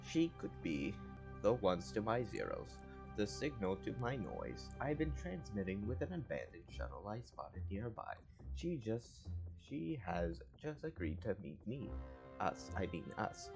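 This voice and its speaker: A man's voice: on the low side, creaky. A man reading the game's text aloud as he plays, stumbling and restarting over words. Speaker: gamer. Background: game music.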